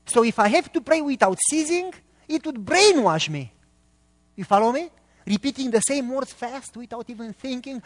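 A man's voice: extremely high pitch, lively intonation, normal speed, in a large hall. A middle-aged man, preaching a sermon as a pastor and quizzing the congregation with emphatic questions.

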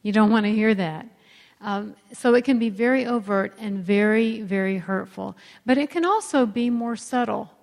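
Calm woman teaching about marriage, reverb. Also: mid-range voice, moderate pace, creaky.

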